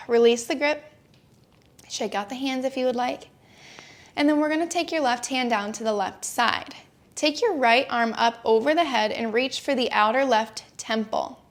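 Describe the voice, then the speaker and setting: A young adult woman teaching a gentle yoga class, giving calm, encouraging step-by-step cues. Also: fairly high pitch. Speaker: yoga instructor.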